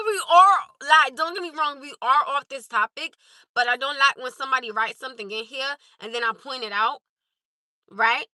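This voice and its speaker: Bright high-voiced woman livestreamer. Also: normal speed, dry recording. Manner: emphatic, insistent, repeats points. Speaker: livestream host. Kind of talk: live stream chat with viewers.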